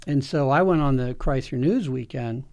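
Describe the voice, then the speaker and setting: A middle-aged man tells a personal story as a guest, earnest and heartfelt. He restarts his sentences often, and his voice sits at a medium pitch. The sound is dry and close, with no room echo. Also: moderate pace. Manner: earnest, emotional, animated storytelling with many restarts. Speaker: OB-GYN guest. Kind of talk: candid personal storytelling interview.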